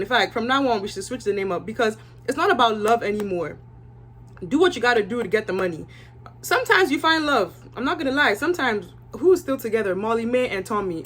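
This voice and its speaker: A young woman giving a casual, opinionated recap of a reality show, chatting with her viewers and filling her talk with asides. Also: mid-range voice.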